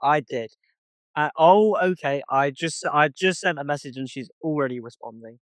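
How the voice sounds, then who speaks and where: A young man's fairly high voice moves at a normal speed over a dry recording. He's co-hosting a laid-back podcast, swearing a lot as he recounts a story through text messages he reads out.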